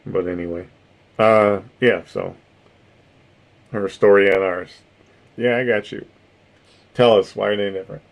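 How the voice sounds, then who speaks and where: Brief: middle-aged male streamer, low-set voice, loose rambling chat with laughs and casual swearing. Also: fairly even intonation, measured pace, creaky, long pauses. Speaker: streamer host reading chat.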